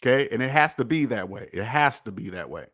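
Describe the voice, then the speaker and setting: A man hosting a personal finance podcast in an emphatic, preachy monologue, repeating points and swearing, swinging between loud jabs and low muttered asides. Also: expressive, a little fast. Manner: emphatic, preachy, repetitive, with profanity. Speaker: podcast host.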